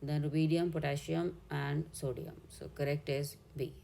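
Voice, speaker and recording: Indian woman, chemistry tutor, low voice, methodical step-by-step explaining. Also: little pitch movement, moderate pace, gravelly, mellow, a little hiss or hum. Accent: Indian English. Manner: step-by-step explaining, corrects herself mid-way. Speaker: chemistry teacher. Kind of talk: exam solution walkthrough.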